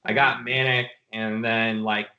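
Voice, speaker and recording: A man's voice: lowish voice, little pitch movement, unhurried, sharp tone, dull audio. A man telling stories in a casual interview, rambling and laughing often. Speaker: film director guest. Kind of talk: casual video-call interview.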